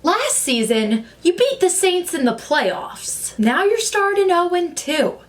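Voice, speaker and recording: A young woman with a high voice vlogging about football in a casual, chatty way. She gushes and gets excitable, spilling her reactions to camera. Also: takes it slowly. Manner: animated, gushing, excitable. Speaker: sports vlogger.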